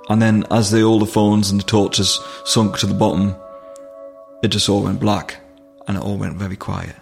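A middle-aged man recounting events in an interview, his low voice rough with gravel. He talks in a halting, vivid way, breaking off and restarting. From Nottingham, England. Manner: vivid, halting retelling with restarts and dialect grammar. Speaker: guest, firefighter. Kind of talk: storytelling in an interview.

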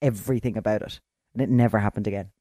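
A middle-aged Irish speaker telling a story in casual chat on a podcast, acting out every quoted voice and jumping between hushed asides and sudden high, loud bursts. The voice sits at a middle pitch and is recorded close and dry, with no room sound at all. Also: very fast, no echo. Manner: animated, acts out quoted voices with big swings in pitch and loudness.

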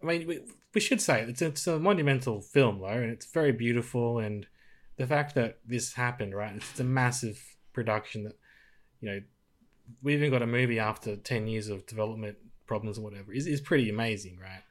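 A man of average pitch co-hosting a relaxed film review chat. He rambles through his points, trips over restarts and hedges his opinions. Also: a little fast. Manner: rambling, hesitant, frequent restarts and laughs. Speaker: podcast co-host.

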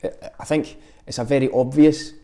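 A man's voice: mid-range voice, fairly even intonation, normal speed, gravelly, mellow. A Scottish man speaking as a podcast guest, thoughtful and reflective, often restarting his sentences. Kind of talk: reflective conversation.

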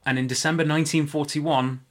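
A man's voice: a little high, steady tone, fairly quick, fairly bright tone. A man hosting a casual history podcast, talking loosely with joking asides and frequent self-corrections. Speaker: podcast host.

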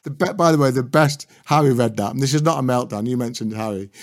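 A man's voice: medium pitch, quick pace. A man co-hosting a football podcast over a video call, telling anecdotes with laughs in between. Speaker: podcast co-host. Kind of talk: casual football chat.

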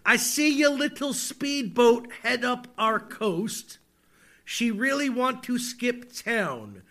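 A man's voice: very high voice, animated, takes it slowly, sharp tone. A man co-hosting a podcast, reading song lyrics aloud in a jokey, mock-dramatic way. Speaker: podcast co-host.

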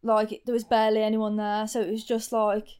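A woman's voice: medium pitch, completely flat delivery, fairly quick, warm tone, clear, resonant tone. Woman with a strong Midlands accent. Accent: strong Midlands English. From England. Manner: rambling, filler-heavy, wry. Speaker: podcast co-host. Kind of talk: casual chat.

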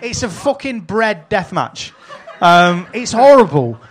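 A man hosts a live podcast before an audience. He swears freely and tells his stories with animated energy and frequent laughs. His voice sits a little high for a man. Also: takes it slowly. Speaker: podcast host and wrestling promoter.

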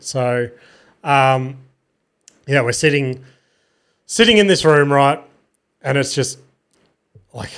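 A young man tells a story on his own podcast. He sounds sleepy and low-spirited, with a mid-range voice. He swears casually and often restarts his sentences. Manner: subdued, tired, swears casually, trailing restarts. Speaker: podcast host.

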